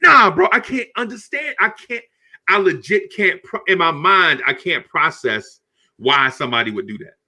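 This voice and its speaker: A middle-aged man hosting a podcast. He tells a story in a casual, animated way, laughs often and keeps repeating words. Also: high voice, moderate pace. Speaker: podcast host.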